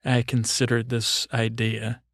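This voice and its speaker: A man telling a meandering bedtime story in a halting, wry, self-deprecating way, with many fillers and restarts. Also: mid-range voice, completely flat delivery, a bit bright, no echo, studio quality.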